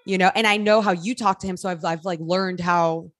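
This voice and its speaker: A woman's voice: on the low side, fairly even intonation, a little fast, fairly bright tone, no room sound. A woman talking casually and earnestly, with many fillers, about time spent with a friend's child. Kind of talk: casual podcast conversation.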